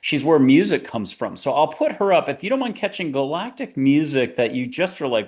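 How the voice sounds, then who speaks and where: A man hosting a spiritual talk show, chatting in a rambling, animated way that jumps between ideas. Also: fairly high pitch, brisk, few pauses. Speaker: podcast host.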